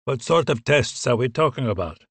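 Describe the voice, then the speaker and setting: A man voicing an urbane, middle-aged male police general with a measured, suave way of speaking. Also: medium pitch, lively intonation, breathy edge, dry recording, pitched above the performer's own voice.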